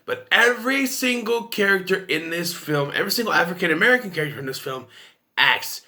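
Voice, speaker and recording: Man, casual film review, rambling, opinionated, bouncy pitch, slightly high voice. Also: animated, brisk, bright, forceful tone.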